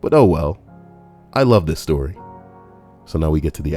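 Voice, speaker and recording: A man's voice: a bass voice, expressive, normal speed, mellow, faint music behind. A man reading forum stories aloud with comedic commentary, crude and profane, full of jokey asides. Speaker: YouTube narrator reading forum posts.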